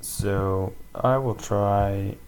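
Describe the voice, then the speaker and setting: A man teaching a casual screen-recorded tutorial, rambling with many pauses and ums. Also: lowish voice, steady tone, darkish tone, slight background noise, low-quality recording.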